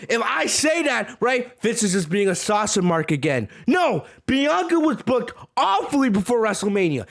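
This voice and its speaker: A man hosting a podcast, delivering a heated review rant, repeating words for emphasis and shouting back at viewers in the chat. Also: high-pitched, big pitch swings, moderate pace, vocal fry, hardly any pauses. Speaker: podcast host.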